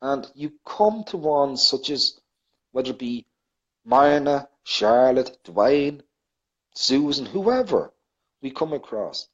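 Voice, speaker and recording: A man's voice: mid-range voice, sing-song, takes it slowly. A man co-hosting a poetry show, earnest and enthusiastic, repeating his points. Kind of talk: casual chat on a live show. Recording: dull lo-fi line.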